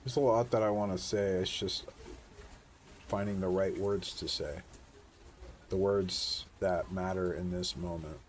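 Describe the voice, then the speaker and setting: A man's voice: low voice, fairly even intonation. A man in his forties, talking outdoors in a rambling, reflective, casual way and swearing now and then. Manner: musing, unhurried, casual with swearing. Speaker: vlogger. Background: faint wind noise.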